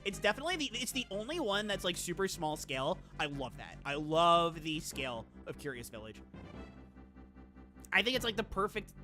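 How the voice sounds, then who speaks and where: Bright, lively-voiced excitable woman streamer. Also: on the low side, normal speed, faint music behind. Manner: excitable and gushing, laughs often, rambling asides. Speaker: VTuber streamer reacting to viewer game lists. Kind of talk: casual live-stream chat.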